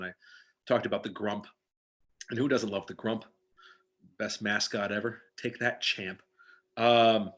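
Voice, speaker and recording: Rambling man. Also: mid-range voice. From Scranton, Pennsylvania. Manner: rambling, animated, many restarts. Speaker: guest. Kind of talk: casual interview chat. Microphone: video call.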